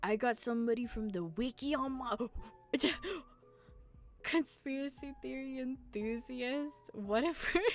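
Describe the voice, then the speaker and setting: A young adult woman streaming a game, chatting casually in an excitable, slangy way and quick to laugh and groan. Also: a little high. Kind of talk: casual live-stream gameplay commentary.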